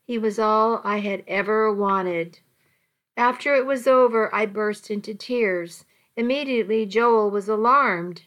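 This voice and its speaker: A woman reads a romance story aloud at an unhurried pace. Her delivery is soft and intimate, in a mid-pitched voice. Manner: slow, soft and intimate reading. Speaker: narrator. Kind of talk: audiobook narration of a romance story.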